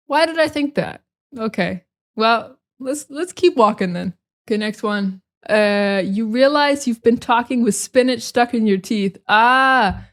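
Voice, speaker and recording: A young American woman hosting a casual solo podcast, sarcastic and expressive, slipping into dramatic mock rants. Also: a little high. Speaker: podcast host.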